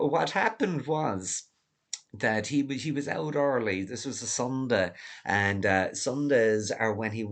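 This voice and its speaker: A man's voice: fairly low pitch, fairly bright tone. A man delivering a rambling, profane monologue, laughing often as he digresses. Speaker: vlogger.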